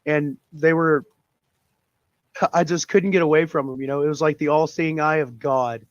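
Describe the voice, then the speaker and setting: A man talking casually as a guest, halting with many restarts and a dry, dark sense of humor. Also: fairly high pitch, fairly even intonation, dry recording, dull audio. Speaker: police accountability guest. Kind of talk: casual video call chat.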